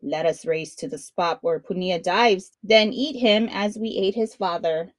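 A proud, menacing shark king who rules his cave, read by a woman in a low, stern storybook voice. The sound is dry and close, with no room around it. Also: unhurried, no echo, close to an everyday voice. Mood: scheming.

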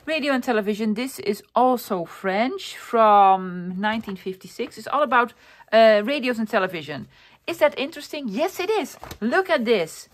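A woman's voice: on the high side, lively intonation, moderate pace. Chatty, enthusiastic woman vlogger. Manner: enthusiastic, rambling, with many fillers and self-corrections. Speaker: vlogger showing a thrift haul. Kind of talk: casual chatty show-and-tell.

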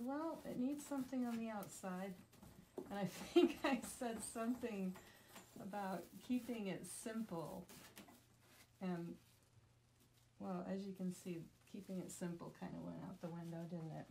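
Chatty Vermont woman, low-pitched. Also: mellow, a little hiss or hum. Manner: chatty, self-deprecating, jokes aside to someone off camera. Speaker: craft tutorial host. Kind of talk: casual craft demonstration.

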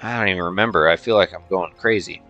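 A man giving casual gameplay commentary as host, a little tipsy, swearing through excitable outbursts. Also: deep voice, quick pace, lo-fi sound, faint music behind. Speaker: let's-play host.

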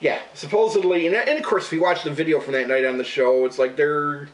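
A man on a loose, profane rant, rambling through his story in an exasperated tone. His voice sits a little high for a man, and he sounds slightly away from the mic. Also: a little fast, recorded from a distance, rough recording. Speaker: radio show regular and vlogger. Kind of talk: casual profane rant to camera.

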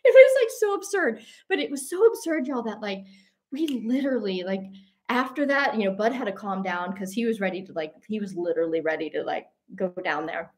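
A woman with a mid-range voice hosts a talk show, speaking briskly in an earnest, rambling, unscripted monologue full of fillers and restarts. She turns animated when telling a story and breaks into laughs.

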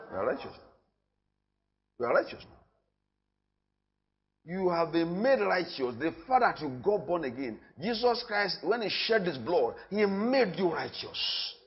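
A man's voice: high-pitched, measured pace, dull audio. A man preaching a sermon, calling out questions to the congregation and declaring lines back. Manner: animated preaching with call-and-response. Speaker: pastor.

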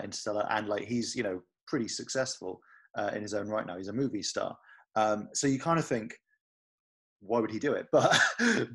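A man with a low, husky voice chats on a podcast at a quick clip. He talks loosely, full of fillers and little hedges, and sounds like an easygoing co-host. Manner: fast, chatty, hedging with fillers. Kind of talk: casual chat.

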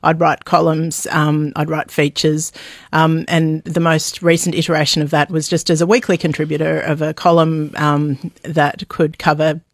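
A woman's voice: sits low, little pitch movement, moderate pace, no room sound, studio quality. Australian woman, hesitant with lots of ums. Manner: thoughtful, many ums and restarts. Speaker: journalist guest. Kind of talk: radio interview. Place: radio studio.

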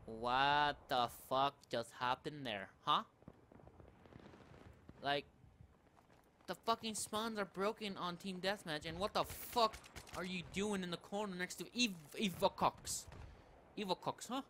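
A man's voice: sits high, unhurried, long pauses, bright, forceful tone, slight background noise. A young man giving live commentary over a shooter game, foul-mouthed and ranting as he keeps dying. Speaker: gameplay commentator. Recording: faint game gunfire behind.

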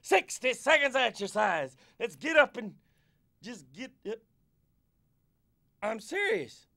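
A man acting as a coach, leading a one-minute exercise break with loud rallying calls and jokes. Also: very high-pitched. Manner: counts down and chants along while exercising. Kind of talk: energetic workout instruction.

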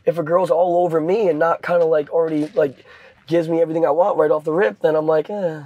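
Brash husky young man. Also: on the high side, steady tone, fast, no room sound, lo-fi sound. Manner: brash, profane, storytelling. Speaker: guest, actor. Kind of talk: casual chat.

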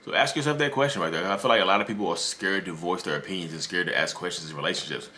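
A man giving casual relationship advice straight to viewers, animated and joking. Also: low-pitched, rapid-fire, slight background noise.

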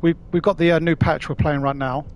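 A man's voice: on the high side, fairly even intonation, a little fast, slight background noise. A man from London with a Cockney accent, chatting casually with viewers while live-streaming a game, matey and swearing freely. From London, England. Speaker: gaming livestreamer.

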